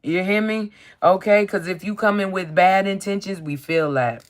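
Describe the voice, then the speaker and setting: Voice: mid-range voice, normal speed. A card reader on a casual live stream who reads card keywords aloud as lists, swears casually and keeps asking "okay?". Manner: casual and profane, often tags lines with "okay?".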